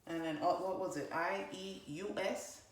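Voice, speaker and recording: A woman giving a casual spiritual monologue, swearing freely and talking with emphatic, animated energy. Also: fairly low pitch, a little slow. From parents from Jamaica. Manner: profane, animated, emphatic, fillers. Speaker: spiritual channeler vlogger. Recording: roomy echo.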